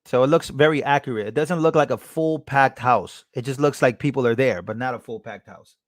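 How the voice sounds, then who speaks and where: A man's voice: mid-range voice, a little fast, dry recording, studio quality. A man hosting a live stream, giving casual commentary and repeating himself as he reacts to clips. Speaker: livestream host.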